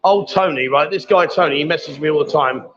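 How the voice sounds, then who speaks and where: A man with a slightly high voice talks a little fast as he hosts a casual livestream from a busy bar that has a pool table. He's chatty and teasing, calling everyone darling, and the dull lo-fi livestream audio picks up background noise and bar crowd chatter.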